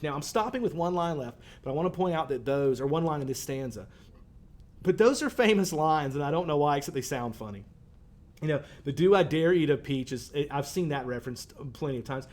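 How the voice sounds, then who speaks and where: A man's voice: on the high side, animated, a little fast, darkish tone. A male teacher, talking students through a poem in a conversational way, with fillers and lines read aloud. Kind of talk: recorded poetry lesson for students.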